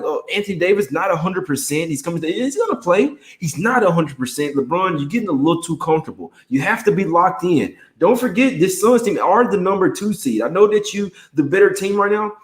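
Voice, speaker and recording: A man's voice: high-pitched, expressive, brisk, echoey room, rough recording. A young man hosting a casual sports betting livestream, chatting in a laid-back slangy way and greeting viewers by name.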